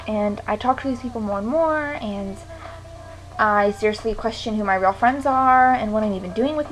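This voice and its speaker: Ranting teenage girl, slightly high. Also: poor audio. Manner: frustrated, swearing rant. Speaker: vlogger. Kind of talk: ranting to camera.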